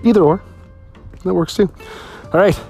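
A man telling stories on his solo podcast, swearing freely, laughing often and jumping to a high voice when excited. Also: normal speed, gravelly, soft background music. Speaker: podcast host. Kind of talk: casual solo podcast storytelling.

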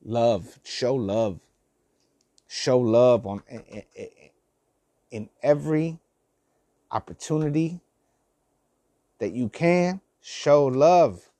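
A man's voice: medium pitch, very slow, pauses often, warm tone, no echo. Older guy preaching love and forgiveness, repeats himself, cusses a lot, dry close sound. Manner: heartfelt, preachy, repeats phrases, swears, slangy. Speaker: vlogger giving life advice. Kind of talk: emotional motivational monologue.

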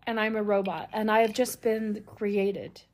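A woman's voice: medium pitch, steady tone, measured pace, darkish tone. A woman in her forties co-hosting a podcast, telling stories in playful casual chat. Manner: playful, laughing, storytelling. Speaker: podcast co-host.

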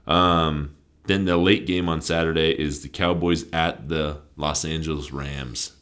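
Deep-voiced man making playful football picks. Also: steady tone, a bit bright. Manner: joking, quick, playful. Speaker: co-host of a sports podcast. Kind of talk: casual sports chat making picks.

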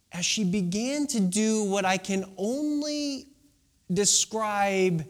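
A man in his thirties preaching a sermon, telling stories with drawn-out, dramatic phrasing and sometimes dropping to a hush for emphasis. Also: high-pitched. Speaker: pastor.

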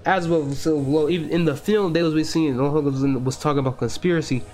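A young man talks through a film in a loose, profane monologue full of slang, getting excited as he goes. His voice sits a little on the high side. Faint music plays underneath. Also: fast talker. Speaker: podcast host. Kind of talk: casual film breakdown monologue.

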